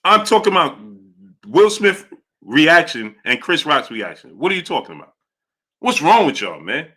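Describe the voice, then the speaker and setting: A man's voice: a little high, moderate pace. A man hosting a live sports stream, reading out viewer comments and laughing often as he answers them. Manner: animated, laughing often, talking back to viewers. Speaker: sports show host. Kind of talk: live-stream chat reading super chats.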